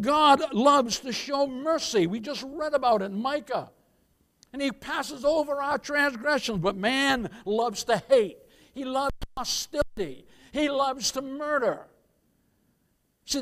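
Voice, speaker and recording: A male pastor preaching a sermon in a church, emphatic, calling out to the congregation and swinging between loud emphasis and quiet asides. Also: extremely high pitch.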